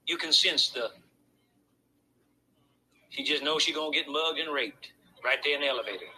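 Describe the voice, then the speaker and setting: A man preaches to his congregation in a sermon, his voice strikingly bright and forceful and pitched a touch high. He talks it through conversationally, stopping for pointed asides to the listeners. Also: normal speed, rough recording. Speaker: pastor.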